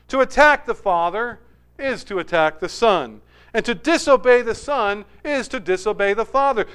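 Male pastor, high smooth voice, emphatic sermon delivery with big loud-to-quiet swings.

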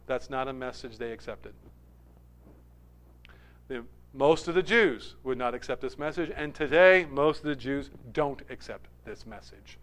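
Male pastor, high smooth voice, emphatic sermon delivery with big loud-to-quiet swings.

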